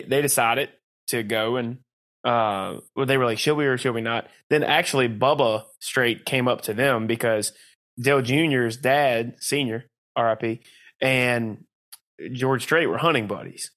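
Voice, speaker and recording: A man's voice: mid-range voice, measured pace, a bit bright. A man co-hosting a podcast, telling rambling stories in casual chat and laughing often. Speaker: podcast co-host.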